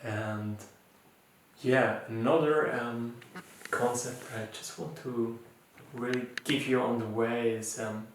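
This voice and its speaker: A man guides his listeners through mindfulness in a gentle, searching way, often pausing on fillers and restarting his sentences. English is not his first language. He sounds distant from the mic in a very echoey room, with a faint hiss underneath. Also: mid-range voice, fairly even intonation. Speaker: mindfulness teacher. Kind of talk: informal recorded talk.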